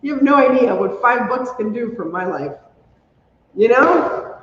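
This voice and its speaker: A chatty woman hosting a crafting livestream, talking along as she works and squealing high whenever something thrills her. Her voice sits in a roomy space with a long ring after each phrase. The sound is a bit dull and lo-fi, with a faint hum underneath. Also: unhurried. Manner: chatty, excitable, squeals when delighted. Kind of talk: casual livestream chat while crafting.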